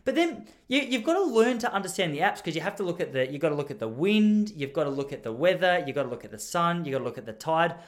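A man's voice: on the high side, expressive, fast, hardly any pauses. A young man with an Australian accent telling a comic story in a rambling, self-mocking way, as a podcast host.

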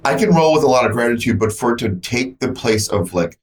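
A man's voice: medium pitch, expressive, brisk. A man co-hosting a podcast in casual, heartfelt chat, candid and reflective, often saying "like". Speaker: podcast co-host.

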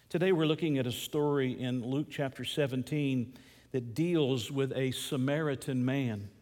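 A male pastor delivers a sermon in a folksy, storytelling manner. His voice sits at an ordinary middle pitch. It carries a long hall reverb. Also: a little mellow. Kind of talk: sermon with a joke.

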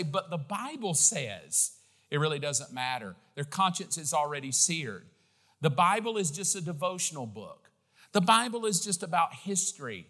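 A middle-aged man preaching a sermon as pastor, impassioned, moving from quiet asides to bold emphatic peaks. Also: on the high side.

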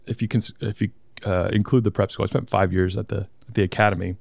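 A man's voice: fairly low pitch, little pitch movement, quick pace, creaky, a little mellow, no room sound. A man in his thirties talking casually as a podcast guest, chatty and a little nervous, poking fun at himself. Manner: nervous, chatty, self-deprecating. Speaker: guest, squadron commander.

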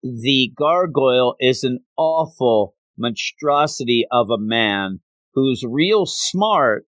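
A chatty male reviewer casually walks through a comic book plot. He is animated and acts out the scenes in a mid-pitched voice, and the sound is dry and close. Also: slow, no echo. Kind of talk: casual retelling.

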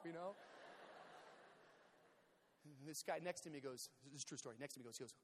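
A man preaching a sermon, telling a story in an animated way, acting out scenes with shouts and sound effects. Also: fairly high pitch, quick pace, long pauses, noisy background. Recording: long hall reverb.

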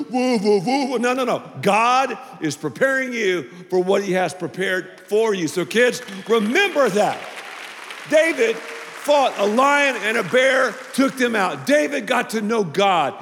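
Animated high-voiced male pastor preaching. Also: unhurried, a faint crowd. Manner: playful and animated, with repeated phrases. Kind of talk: energetic sermon to a family audience. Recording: long reverb of a large hall.

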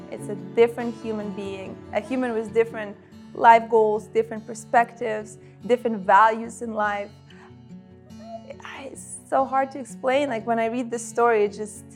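A woman interviewed about her husband, speaking in an earnest, reflective way with "um" pauses. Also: on the high side. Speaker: interviewee, the storyteller's wife. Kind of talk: interview testimony.

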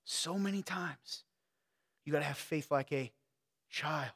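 A man preaching a sermon in a church, talking conversationally and swinging between quiet asides and loud emphatic stretches. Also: a little high, unhurried, breathy edge, big-room sound. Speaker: pastor. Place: church sanctuary.

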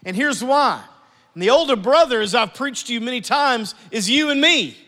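A man preaching a sermon to his church, animated and acting out family scenes. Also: very high-pitched, moderate pace, long reverb tail. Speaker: pastor.

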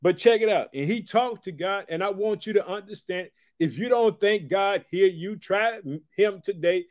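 A man preaching a sermon, reading scripture slowly and loudly, then dropping to quieter asides and repeated call-outs to the listener, and praying aloud for people. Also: sits high, no echo, studio quality.

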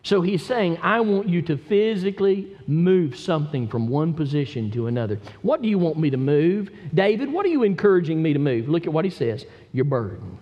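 A high-pitched man delivering a sermon from a church pulpit. He moves between steady Scripture teaching and impassioned, emphatic exhortation. His voice carries a long reverb from the sanctuary. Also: brisk, hardly any pauses, dull audio. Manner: impassioned, rising to loud emphatic preaching. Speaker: pastor.

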